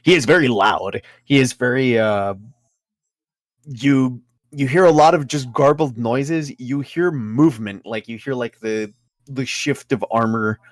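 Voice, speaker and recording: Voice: mid-range voice, measured pace, no room sound. A game master narrating a tabletop game, rambling with many fillers and frequent giggles.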